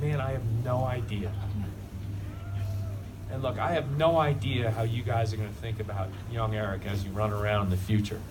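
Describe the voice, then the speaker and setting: A man giving a rambling, heartfelt eulogy to a crowd at a memorial gathering, talking bluntly and casually. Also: medium pitch. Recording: distant mic with noisy ambience.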